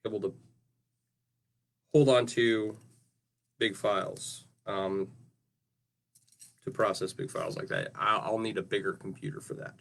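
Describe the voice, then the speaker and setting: A man's voice: lowish voice, steady tone, unhurried, gravelly, pauses often, fairly bright tone. A man casually talking through his craft work on a livestream, rambling and often ending sentences with "right?". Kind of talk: casual livestream talk while working.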